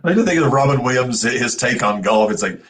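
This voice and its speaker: A man co-hosting a wrestling podcast, talking casually in halting starts and repeated words. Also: mid-range voice, lively intonation, a bit bright. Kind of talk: casual chat.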